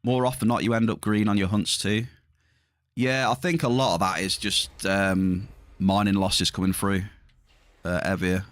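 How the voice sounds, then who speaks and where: Guy on a game stream, kinda low voice, bit worn out, rambly chat to viewers. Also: little pitch movement, normal speed, dry recording. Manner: rambling, chatty, addresses viewers directly. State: slightly strained voice. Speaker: livestreaming gamer. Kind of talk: casual livestream chat.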